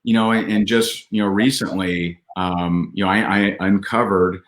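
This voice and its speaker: Podcast guest, male, lowish voice, earnest and halting in an echoey room. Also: fairly even intonation. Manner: earnest, with many restarts and fillers. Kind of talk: candid personal storytelling.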